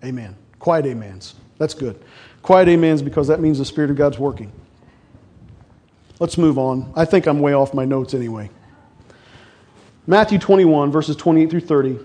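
A middle-aged man preaches a sermon in a high, light voice. He speaks conversationally, slipping in jokes and acted-out quotes. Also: normal speed, pauses often, mellow. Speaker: pastor.

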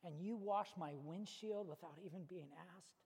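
A big, burly neighbor man, soft and choked up with tears, as a pastor quotes him. The voice rings with long hall reverb. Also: sits high, moderate pace, husky, voice pushed down. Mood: moved.

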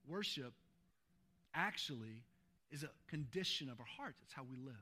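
An animated male pastor with a medium pitch preaches at a moderate pace. Emphatic and fond of stacked adjectives, he swings from loud urgency to hushed tenderness.

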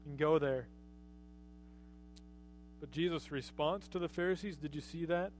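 A man's voice: on the high side, measured pace, slight background noise. A man preaching a conversational sermon as pastor, often asking his listeners rhetorical questions.

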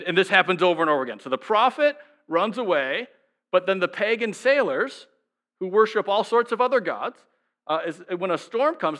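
A man preaching from the pulpit with a bright, forceful tone and a slightly high pitch for a man. He talks to the congregation casually and keeps throwing rhetorical questions at them. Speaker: pastor. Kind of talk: sermon.

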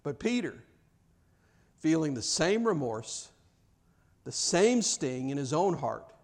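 Male preacher with a high, light voice; impassioned, emphatic sermon delivery with repeated words and rising cries. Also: big pitch swings, slow pace, creaky, a little mellow.

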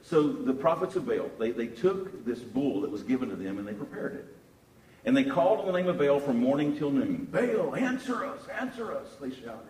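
A man preaching a sermon, telling a Bible story with animated rises and restarts. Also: medium pitch. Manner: animated storytelling, repeats words while searching. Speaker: pastor. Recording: echoey room from far off.

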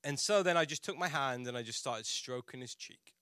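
A man's voice: mid-range voice, fairly quick, sharp tone, smooth, no echo, clean studio sound. A man preaching a sermon as a pastor, telling a personal story in a chatty, self-mocking way with frequent restarts.

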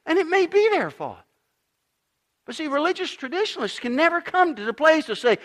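A middle-aged pastor preaching a sermon, emphatic, dropping to a hush and then rising loud again. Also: male voice, very high voice, sing-song, brisk. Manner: emphatic preaching, swinging between loud and hushed.

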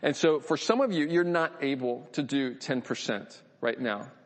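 A man's voice: mid-range voice, normal speed, long reverb tail. A man giving a conversational, earnest sermon, often repeating words as he thinks aloud. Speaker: pastor.

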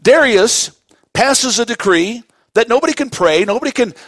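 A male pastor preaches with a fairly high voice. He stretches key words slowly and swings from quiet intensity to loud emphasis, heard close and dry. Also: lively intonation, no room sound. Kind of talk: sermon.

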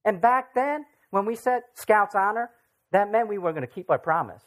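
Pastor, mid-pitched voice, relaxed sermon delivery, talks to the room with lots of rhetorical questions. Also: moderate pace. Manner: conversational, asks the audience rhetorical questions.

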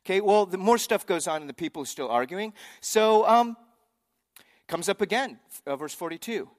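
A man preaching a sermon, animated and acting out the voices of arguing crowds. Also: high voice, normal speed. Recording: long hall reverb.

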